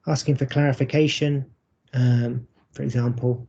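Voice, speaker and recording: A man presenting a recorded workshop for English teachers, speaking in a measured, explanatory way with frequent ums. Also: mid-range voice, little pitch movement, vocal fry, warm tone, slightly rough. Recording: dull lo-fi audio.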